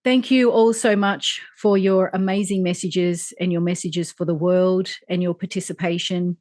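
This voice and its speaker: A woman's voice: fairly low pitch, fairly even intonation, normal speed, a little mellow, no echo, clean studio sound. A woman hosting a podcast, thanking guests in casual chat and laughing often. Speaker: podcast host.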